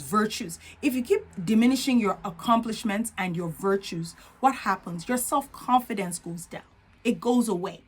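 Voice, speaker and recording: An earnest woman with a non-native accent coaches her audience on confidence in a motivational talk. Her voice sits at a medium pitch, and she keeps checking in with the listener. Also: breathy edge. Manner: earnest, coaching, often asks "right?".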